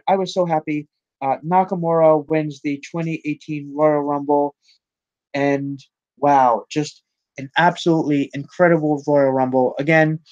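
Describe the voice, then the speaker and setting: Guy rambling thru a wrestling recap, lots of ums, kinda high voice, dull dry mic. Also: no echo. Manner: rambling, many ums and self-corrections. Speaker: wrestling news host. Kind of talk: casual solo recap.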